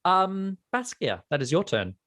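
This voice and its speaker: Slow, hesitant male game master. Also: mid-range voice, lively intonation, a bit bright. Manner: hesitant, many ums. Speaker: dungeon master. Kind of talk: narrating a tabletop game.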